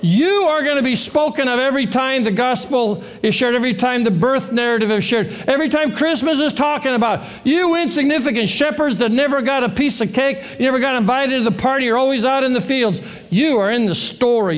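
A man preaching a sermon, animated and joking, acting out the voices of the people in the story. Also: very high voice, fairly quick, hardly any pauses. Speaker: pastor.

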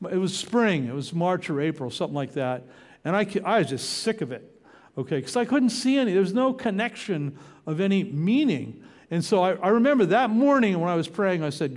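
A middle-aged man preaching a sermon, telling a story with emphatic asides to the congregation. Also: high voice. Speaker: pastor.

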